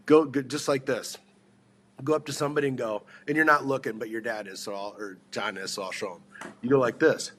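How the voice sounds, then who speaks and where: A man's voice: medium pitch, a bit bright, a little hiss or hum. A man giving sales advice in a casual podcast chat, rambling, restarting sentences and firing questions at his listeners.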